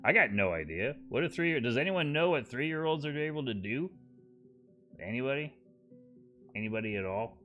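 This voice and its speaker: A man's voice: medium pitch, sing-song, normal speed, pauses often, fairly bright tone, highs cut off. A man streaming a game, chatting casually with crude jokes and lots of swearing. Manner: crude, joking, swears often. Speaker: gaming streamer. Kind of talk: casual gameplay commentary. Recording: game music behind.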